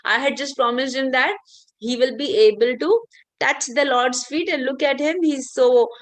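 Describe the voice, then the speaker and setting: A woman doing a gentle divine queen. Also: high voice, steady tone, normal speed, close to an everyday voice. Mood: fond.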